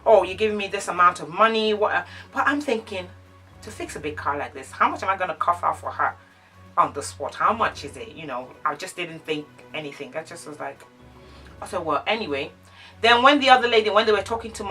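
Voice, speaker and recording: A woman vlogger telling an animated storytime, acting out the dialogue. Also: lowish voice, a little fast, far from the mic, soft background music. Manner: animated, acts out quoted dialogue. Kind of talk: casual storytime chat.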